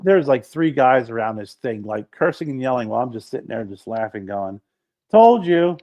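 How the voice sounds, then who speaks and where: A man co-hosting a podcast, telling stories in a casual chat, animated and swearing freely. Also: medium pitch, a little fast. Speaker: podcast co-host. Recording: dull lo-fi sound.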